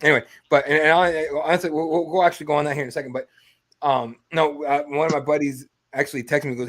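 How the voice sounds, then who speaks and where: A man's voice: on the high side, fairly even intonation, quick pace, fairly bright tone. A man co-hosting a sports podcast, laughing and telling stories with casual swearing. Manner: laughing, storytelling, profane. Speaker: podcast co-host.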